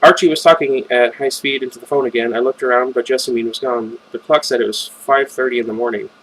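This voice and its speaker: A man's voice: medium pitch, fairly even intonation, quick pace, a bit bright, poor audio. A man reading a fan novel aloud in first person, stumbling now and then and breaking off for casual side comments. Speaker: reader.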